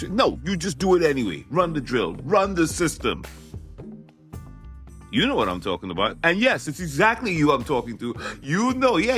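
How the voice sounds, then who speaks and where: A man hosting a motivational talk, emphatic and animated, repeating his key phrases for the listener. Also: high voice. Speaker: podcast host.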